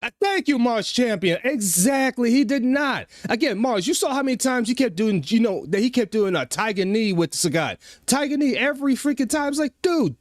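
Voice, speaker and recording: A man's voice: very high voice, dry recording, studio quality. A man hosting a casual reaction commentary, talking to chat and scolding a streamer with exasperated repetition.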